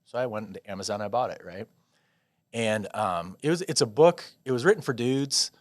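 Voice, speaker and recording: A man's voice: fairly low pitch, fairly quick, no room sound. Chatty man telling a long story. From Des Moines, Iowa. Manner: rambling, animated storyteller with many restarts and laughs. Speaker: podcast guest. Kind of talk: casual storytelling interview.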